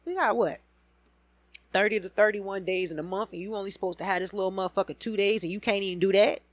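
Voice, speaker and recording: A woman hosting a podcast alone, giving a casual, blunt and profane rant about reality TV with loud emphatic bursts. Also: medium pitch, steady tone, fast, no echo. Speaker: podcast host.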